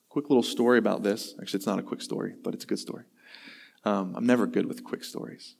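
A man's voice: lowish voice, vocal fry, darkish tone. A man, a pastor, giving a sermon in a conversational, self-deprecating way, telling a long story and acting out the voices in it.

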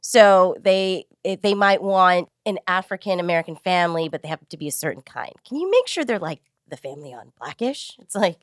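A woman casting director talking candidly and laughing easily as a guest. Her voice sits a little low. It is recorded dry and close, with no room sound. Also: brisk, hardly any pauses, no room sound. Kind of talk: casual interview chat.

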